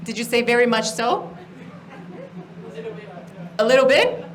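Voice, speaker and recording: A woman's voice: fairly high pitch, lively intonation, a little slow, low-quality recording. A woman from Estonia doing stand-up, teasing the audience playfully at a live comedy venue. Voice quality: playful crowd work, teasing.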